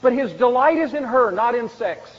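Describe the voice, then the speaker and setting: A man preaching a sermon in an earnest, measured way, reading stories aloud. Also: very high-pitched, expressive. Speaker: pastor. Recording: dull lo-fi church hall recording with long reverb.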